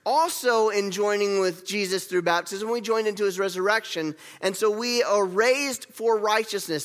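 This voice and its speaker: A man preaching a sermon, lively and repetitive, leading the congregation in gestures and call-and-response. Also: high voice, in a large hall. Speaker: pastor.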